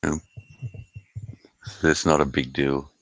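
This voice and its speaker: A man's voice: very deep voice, flat delivery, takes it slowly, creaky, no room sound. An Australian man hosting a live stream, chatting casually with viewers and swearing freely in a laid-back way. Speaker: live stream host reading chat. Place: at home in South Australia.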